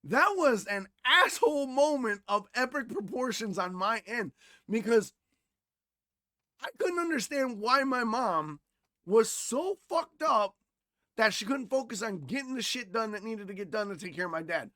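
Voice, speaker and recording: A man co-hosting a podcast, talking bluntly and with lots of swearing, going from loud rants to quiet reflection. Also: very high-pitched, sing-song, unhurried, no echo, studio quality. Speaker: podcast co-host. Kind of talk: casual chat.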